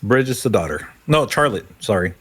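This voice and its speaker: A man's voice: on the low side, sing-song, a little fast, a bit bright, slight background noise. A man running a tabletop role-playing game as game master, describing scenes loosely with many fillers.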